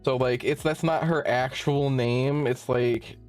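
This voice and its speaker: A man's voice: medium pitch, measured pace, soft background music. A young man streamer casually telling a long work story, swearing freely and acting out the dialogue in it. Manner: animated, swearing, acts out quoted dialogue.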